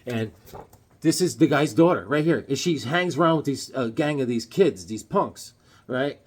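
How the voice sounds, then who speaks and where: A man's voice: mid-range voice, lively intonation, normal speed, a little mellow, breathy edge. A man casually reviewing comic books, rambling and joking, with plenty of fillers and "right?" tag questions. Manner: loose and chatty, full of fillers and tag questions; jokey, with puns.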